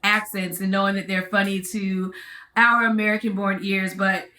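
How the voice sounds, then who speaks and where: A female co-host with a bright, sharp voice, asking playful and teasing questions in a casual interview. Her voice rings out in an echoey room. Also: mid-range voice, little pitch movement, moderate pace, far from the mic.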